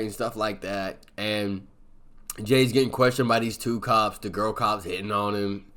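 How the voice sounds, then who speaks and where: A man's voice: lowish voice, steady tone, unhurried, pushed and bright. A man recapping a film plot in a casual, rambling way, with constant filler words. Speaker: movie reviewer.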